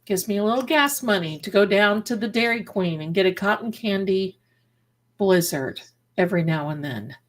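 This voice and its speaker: A woman's voice: mid-range voice, moderate pace. A woman hosting a live stream as a psychic, rambling affectionately while she reads comments aloud.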